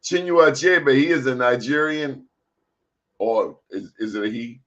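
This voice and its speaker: A man hosting a talk show, telling stories in a casual, colloquial, animated way. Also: medium pitch, a little slow. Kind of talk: casual storytelling chat. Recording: dull lo-fi sound.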